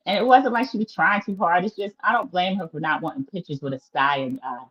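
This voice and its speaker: A woman's voice: fairly low pitch, fast, husky, highs cut off. A woman hosting a casual livestream recap of a reality show, chatty and opinionated, talking straight to her viewers.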